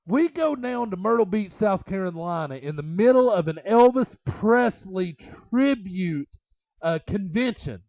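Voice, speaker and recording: A man's voice: high-pitched, animated, unhurried, no echo. A man, a former wrestler, telling road stories in a rambling way, full of fillers and laughter. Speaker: interview guest, former wrestler. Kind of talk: casual storytelling. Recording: dull, lo-fi.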